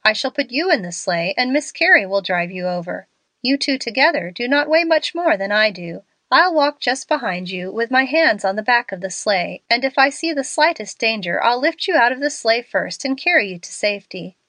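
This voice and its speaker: A woman voicing a courteous young gentleman who stays calm and reassuring. His lines come out steady and polite, in a lively voice. The recording is dry and close. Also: on the high side, moderate pace, dry recording.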